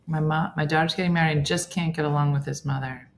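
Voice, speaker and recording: Low-pitched middle-aged woman, casual chatty host who reacts quickly. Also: fairly even intonation, slight background noise. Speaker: host reading viewer comments. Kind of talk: casual chat.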